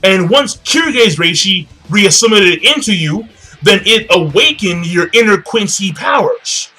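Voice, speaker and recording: A calm, menacing villain leader who lays things out plainly, as a man puts him on. The voice sits high and bright and never hurries. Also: unhurried, full character voice. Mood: explaining. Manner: calm, matter-of-fact.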